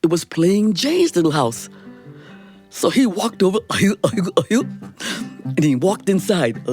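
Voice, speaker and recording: A woman's voice: lowish voice, big pitch swings, very slow, a little mellow, soft background music. A woman storyteller telling a fairy tale in a playful, dramatic way, talking straight to her audience. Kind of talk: animated live storytelling. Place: live studio performance.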